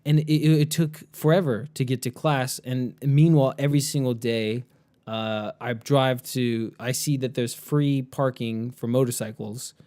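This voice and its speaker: A man's voice: medium pitch, fairly even intonation, moderate pace, dark tone. A man co-hosting a podcast in casual chat, laid-back, rambling and profane. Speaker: podcast co-host.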